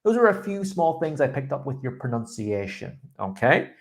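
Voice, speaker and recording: A man's voice: mid-range voice, big pitch swings, moderate pace. Male English teacher giving speaking feedback. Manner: encouraging, corrects pronunciation by modelling words. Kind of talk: feedback after a mock speaking test.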